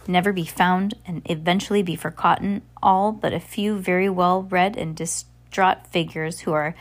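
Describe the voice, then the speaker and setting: Brief: woman reading a novel aloud, lowish voice, frequent slips and restarts. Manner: stumbles and restarts often. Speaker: audiobook reader.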